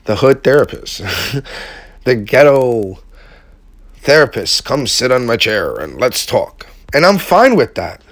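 A vlogger with a medium-pitched voice gives his viewers a heartfelt, casual motivational talk. He uses slang and repeats things for emphasis, and there's no echo.

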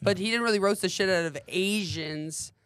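A young woman trading deadpan jokes as a podcast guest. Her voice sits in a middle range and sounds close and dry, with no room around it. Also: medium pitch, moderate pace, clean tone, no echo. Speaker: comedian guest. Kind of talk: casual comedic podcast banter.

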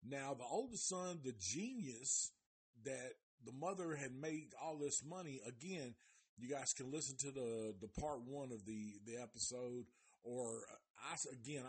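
A man's voice: medium pitch, breathy edge. A man hosting a live review show, retelling a story in a casual, profane way with lots of slang and cursing. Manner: animated retelling with exaggerated voices of the people in it; heavy cursing, loose slangy delivery. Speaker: live show host reviewing a documentary series.

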